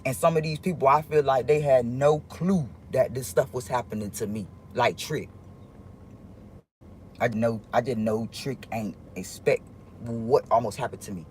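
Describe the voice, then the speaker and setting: A man gives a casual livestream monologue to his viewers, earnest and confiding, rambling and halting with many restarts. His voice is medium pitched, with slight background noise.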